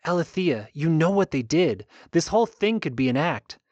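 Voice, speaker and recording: A man's voice: on the high side, sing-song, normal speed, a little mellow, no room sound, lo-fi sound, pitched above the performer's own voice. A man reading an audiobook, voicing a passionate young woman heroine who speaks up with urgent, indignant force. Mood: earnest, urgent.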